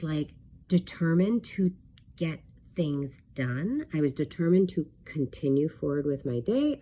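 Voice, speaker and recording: A woman speaks slowly and without hurry, her voice low and warm. It has a husky, slightly breathy grain. She is a life coach telling a personal story straight to camera, candid and rambling, with frequent fillers. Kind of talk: casual talking-to-camera vlog.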